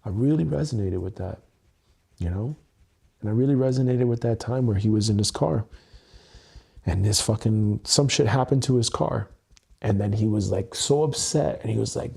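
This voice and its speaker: A man's voice: mid-range voice, moderate pace, gravelly, dark tone, husky. A man talking alone to his camera on a livestream, earnest and emotional, swearing freely and repeating himself as he works through his feelings. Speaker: content creator. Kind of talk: solo livestream monologue, EFT tapping. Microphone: webcam mic, looking into camera.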